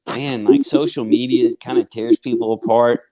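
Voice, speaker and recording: A man's voice: mid-range voice, fairly even intonation, normal speed, warm tone, slight background noise. A man with a Southern US accent telling his recovery story casually, rambling with lots of fillers like "man". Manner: rambling, filler-heavy, says "man" and "y'all". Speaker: guest sharing recovery story.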